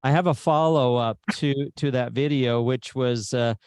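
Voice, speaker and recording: A man's voice: medium pitch, unhurried, darkish tone, smooth, no echo, studio quality. A man co-presenting an online show, cueing up a video while stumbling and repeating his words.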